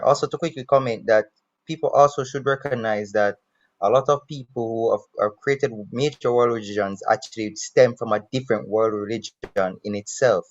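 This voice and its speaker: A man asks a question over a video call, thinking aloud as he goes and sometimes restarting. His voice sits at a middle pitch, and the call audio sounds a little dull and lo-fi. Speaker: panelist asking a question. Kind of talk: casual discussion.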